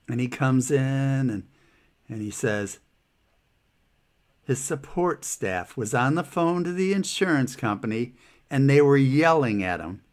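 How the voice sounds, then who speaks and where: A man casually telling a personal story about his health troubles, laughing often and sounding rueful and incredulous. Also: mid-range voice.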